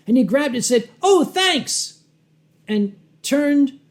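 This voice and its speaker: A man telling a humorous story live, dry and wry, with dramatic pauses, acting out his own rehearsed lines and clearing his throat often. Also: extremely high pitch, warm tone. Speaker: convention storyteller.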